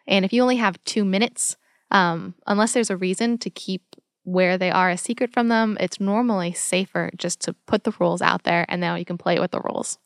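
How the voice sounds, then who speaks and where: A woman with a low, smooth and resonant voice and a gravelly edge talks about writing sketches. She answers in a direct, warm and encouraging way. Her voice sits close and dry, with no room sound. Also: no room sound. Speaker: comedy writer and podcast guest. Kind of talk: casual discussion of sketch comedy.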